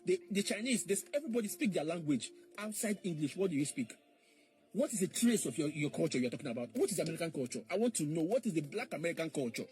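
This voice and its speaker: High-voiced man, mocking questions. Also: big pitch swings, quick pace, a little mellow. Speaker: speaker in a played clip. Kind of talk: argumentative monologue.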